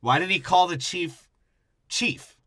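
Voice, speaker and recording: A man co-hosting a podcast, chatting casually and crudely about a film and mimicking scenes in quick voices. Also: high-pitched, bright, forceful tone, no echo, clean studio sound. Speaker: podcast co-host. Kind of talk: casual movie-review chat.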